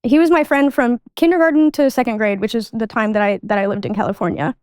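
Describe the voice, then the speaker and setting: A woman's voice: on the high side, quick pace, a little mellow, clean tone, no room sound, clean studio sound. A woman guest recounting her childhood in casual conversational speech, with lots of "like" fillers. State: adult. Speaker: podcast guest. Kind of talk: personal storytelling.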